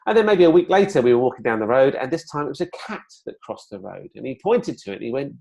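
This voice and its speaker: A man's voice: mid-range voice, fast talker, creaky, few pauses. Man presenting a webinar. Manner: conversational, relaxed, uses many fillers and asides.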